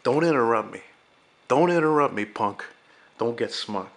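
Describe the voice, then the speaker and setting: A man voicing a loud, bullying older male junkyard boss who scolds and swears. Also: on the low side, steady tone, a little fast.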